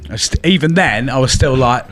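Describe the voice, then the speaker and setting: A man's voice: medium pitch, animated, a little fast, a bit bright, soft background music. A young English man with an English accent telling a ghost story in casual podcast chat, swearing often and acting out what was said. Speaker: podcast co-host.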